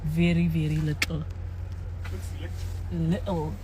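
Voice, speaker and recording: A woman's voice: low-pitched, flat delivery, slow pace, background noise. A young woman from South Africa chatting casually, giggly and playful, laughing often. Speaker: reality TV personality. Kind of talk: casual chat.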